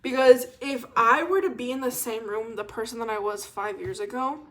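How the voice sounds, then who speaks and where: A woman's voice: a little high, moderate pace. A young woman in her twenties hosting a casual solo podcast, rambling and self-deprecating, laughing often and trailing off with "I don't know". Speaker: podcast host.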